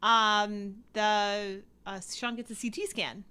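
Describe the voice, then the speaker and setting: A woman's voice: mid-range voice, steady tone, takes it slowly, sharp tone, smooth. A woman co-hosting a casual live-stream chat, talking with many fillers and little laughs. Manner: chatty, giggly, many fillers. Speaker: co-host.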